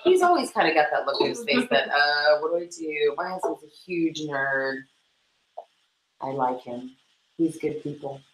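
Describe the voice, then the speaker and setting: With a low, animated voice, a woman chats casually as co-host of a livestream while cleaning tack, giggling, rambling and making quick asides. The room sounds spacious and the recording quality is low.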